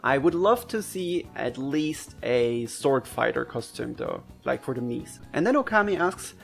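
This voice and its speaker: A man with a German accent runs a relaxed Q&A for his gaming channel. He chats easily and laughs often, his mid-range voice leaping higher whenever he gets excited. Soft music plays faintly underneath. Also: unhurried, vocal fry, hardly any pauses. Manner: chatty, laughs easily, pitch jumps high when excited. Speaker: gaming video creator. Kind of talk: casual Q&A.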